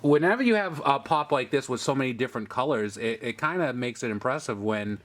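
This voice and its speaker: An upbeat man hosts a casual toy review at an ordinary mid-range pitch. He chats easily and explains paint and details as he turns each figure around. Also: animated, brisk, fairly bright tone. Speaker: host of a toy review channel.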